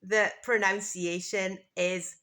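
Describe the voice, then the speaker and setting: A British woman teaches English pronunciation. She speaks at an unhurried, deliberate pace and says every word with care. Her voice is bright and crisp. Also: medium pitch, level tone. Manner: slow, careful, clearly enunciated. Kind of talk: scripted pronunciation lesson.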